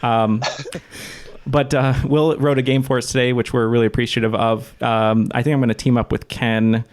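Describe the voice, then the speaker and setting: Brief: male podcast host, mid-pitched, loose and rambling, full of "uh"s, casual chat. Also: flat delivery, moderate pace. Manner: rambling, lots of fillers and restarts.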